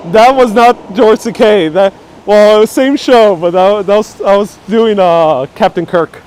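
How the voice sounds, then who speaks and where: A man's voice: sits high, measured pace, darkish tone, a little hiss or hum. A man hosting a live-streamed walking tour outdoors, chatting and reacting to viewer comments. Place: outdoors on city streets. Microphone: wireless lapel mic.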